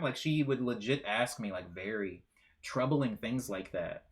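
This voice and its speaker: A man's voice: mid-range voice, normal speed. A male streamer chatting casually on a live stream, rambling and joking with bursts of mock outrage while reading chat aloud.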